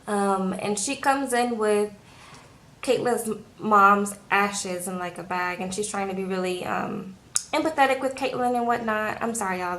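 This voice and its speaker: A woman's voice: medium pitch, fairly bright tone, rough recording. A woman vlogger recapping a reality show in a chatty, filler-heavy way, talking straight to her viewers from a room at home. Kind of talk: casual TV recap.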